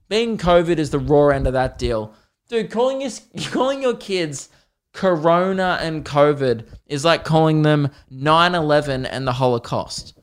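Aussie male podcast host, rambling and sweary, with a fairly high, smooth voice. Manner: rambling and sweary, self-deprecating. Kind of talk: solo comedy podcast rant.

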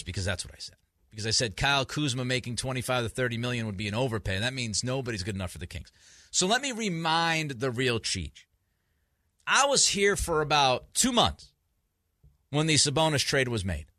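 Emphatic, bright-voiced sports radio man. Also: medium pitch, no echo, clean studio sound. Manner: emphatic, repeats himself in restarts. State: grumpy and short on sleep. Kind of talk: sports talk radio banter.

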